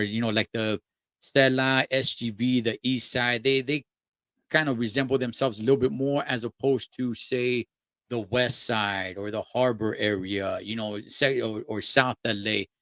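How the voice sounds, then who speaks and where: Easygoing male host, mid pitch, slangy and curious, dry close recording. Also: fairly bright tone, no room sound. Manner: laid-back, curious, slangy. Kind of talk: casual conversation.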